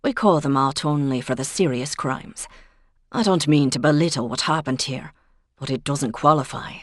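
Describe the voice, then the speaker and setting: A woman voicing a calm, patient male village policeman who speaks in a measured, apologetic way. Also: deep voice, dry recording, clean studio sound.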